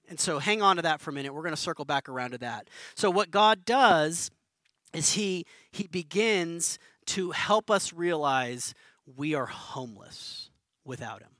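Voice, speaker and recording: A man's voice: fairly high pitch, lively intonation, moderate pace, pushed and bright, dry recording. A man preaching a conversational sermon as pastor, earnest and informal, often restarting and repeating words.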